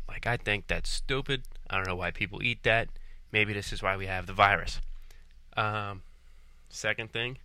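Bright, joking young man from Philadelphia. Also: lowish voice, clean tone, no room sound. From Philadelphia, Pennsylvania. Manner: jokey, rambling, mock-indignant about food. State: a bit out of breath. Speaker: podcast guest. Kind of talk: casual monologue answering questions.

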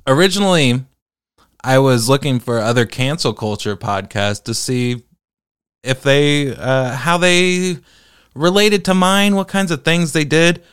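A man hosting a commentary podcast, talking in an animated, incredulous way. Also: medium pitch, a little slow, clear, resonant tone, no echo, clean studio sound. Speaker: podcast host.

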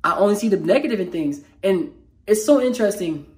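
With lively intonation, a man who works as a mental health motivational speaker talks unscripted in a personal vlog while feeling low. His words come out halting, raw and emotional, full of slangy fillers and restarts.

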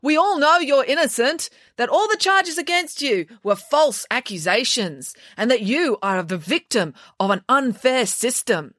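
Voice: medium pitch, sing-song, normal speed, fairly bright tone, slightly rough, dry recording, studio quality, pitched above the performer's own voice, full character voice. A reader voicing a tough, blunt teenage girl inmate, pushy and slangy. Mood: brash.

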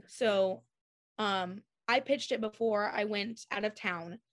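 A young adult woman, interviewed as a guest chocolatier, tells stories slowly in a medium-pitched voice. She's casual and animated, acting out the voices of people she quotes and using lots of fillers.

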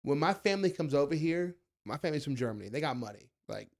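A man's voice: on the high side, animated, quick pace, creaky. A young man chatting as a podcast guest, laid-back but emphatic, calling people bro. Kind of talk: casual chat.

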